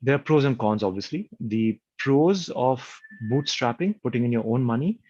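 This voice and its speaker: A man's voice: mid-range voice, animated, normal speed, a little mellow, no echo. A man, a company founder, explaining a business framework in an interview and firing off long strings of rhetorical questions. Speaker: entrepreneur guest. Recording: dull, muffled lo-fi sound.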